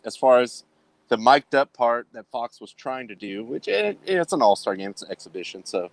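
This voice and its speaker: A man's voice: medium pitch, lively intonation, normal speed, dry recording. A man hosting a casual sports talk show, speaking in a rambling way with many fillers. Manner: rambling, filler-heavy delivery.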